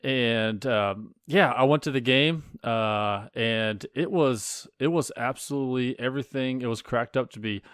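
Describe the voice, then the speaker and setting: A man co-hosting a podcast in casual chat, halting and full of fillers as he gives his weekly update. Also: mid-range voice, a bit bright, smooth, no room sound, studio quality. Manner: halting, lots of fillers and restarts. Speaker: podcast co-host.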